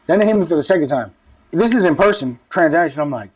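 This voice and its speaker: A rapid-fire man in his thirties tells his story in loose, profane street slang. He sounds a little distant from the mic. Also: a little high, expressive, darkish tone, slightly rough. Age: 30s. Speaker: guest. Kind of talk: casual street-talk storytelling.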